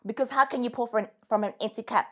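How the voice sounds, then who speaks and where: Woman, South African accent, young adult, emphatic, animated advice monologue, slightly high voice. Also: quick pace. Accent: South African English. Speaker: vlogger giving advice.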